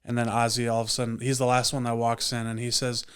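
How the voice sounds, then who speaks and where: A man's voice: mid-range voice, monotone, fast, a bit bright, smooth. A man co-hosting a casual movie review chat, talking in a laid-back way. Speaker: podcast co-host.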